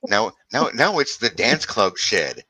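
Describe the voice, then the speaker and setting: Deep, lively man with wry humour. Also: a little slow, slightly rough, dry recording. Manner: wry, swears casually. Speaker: livestream guest. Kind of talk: casual livestream chat.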